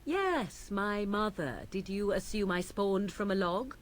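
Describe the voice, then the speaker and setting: A woman's voice: medium pitch, expressive, unhurried, natural voice. An actress playing an aloof, mocking young witch of the wilds in a video game, speaking in an archaic, haughty manner.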